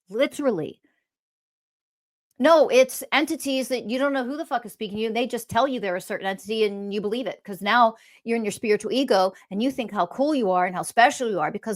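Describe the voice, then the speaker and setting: A woman's voice: fairly high pitch, fairly quick. A woman speaking as a spiritual teacher in a blunt, scolding monologue, swearing often. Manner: mocks others in quoted voices.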